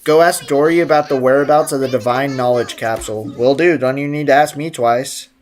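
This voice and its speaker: A man's voice: medium pitch, fairly quick. A man streaming a game, chatting casually and jokingly, reading messages from his chat aloud.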